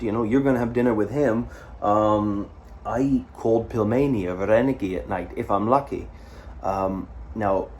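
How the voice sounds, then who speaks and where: A man's voice: on the low side, a little mellow, a little hiss or hum. A man from Canada telling a war story in a casual, rambling way, with swearing and frequent fillers. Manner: rambling, profane, full of fillers and asides. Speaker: vlogger.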